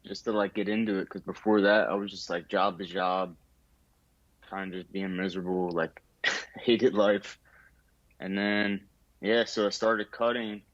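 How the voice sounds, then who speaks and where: A man's voice: lowish voice, fairly bright tone, no echo, muffled recording. A young man, a barber, telling his story in a casual interview, laid-back with many fillers and acted-out quotes.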